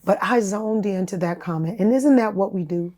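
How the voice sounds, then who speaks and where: A woman's voice: mid-range voice, moderate pace. A woman, a singer and talk show host, telling candid stories as a podcast guest in a casual, slangy way, calling the listener honey and baby, often laughing and acting out what other people said. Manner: animated, laughing, acts out other people's words. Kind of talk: candid storytelling interview chat.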